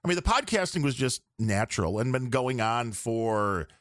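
A man's voice: mid-range voice, big pitch swings, normal speed, fairly bright tone, no echo, clean studio sound. A man guesting on a podcast, chatting casually and rambling on about audio gear.

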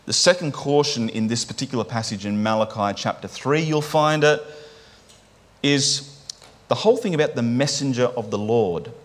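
A man's voice: mid-range voice, normal speed. Guy giving a sermon, chatty and easygoing, keeps saying right?, medium voice. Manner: conversational, often checks in with "right?" and restarts phrases. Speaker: preacher.

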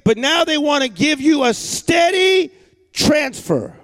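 An energetic male preacher with a very high voice, joking and shouting for emphasis through a sermon. He stumbles over and repeats his words as he builds up. His voice rings with the long reverb of a big church hall. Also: takes it slowly. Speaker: pastor.

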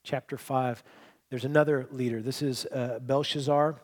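A man preaching a sermon as pastor, telling stories, shifting between loud emphatic points and quiet, hushed lines. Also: mid-range voice, steady tone, moderate pace. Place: church hall with congregation.

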